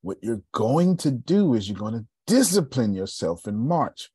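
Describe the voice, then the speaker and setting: A man's voice: medium pitch, big pitch swings, measured pace, darkish tone, slightly rough, no echo, clean studio sound. A man from Texas leading a group call, telling stories and preaching motivation with strong emphasis. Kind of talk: motivational talk.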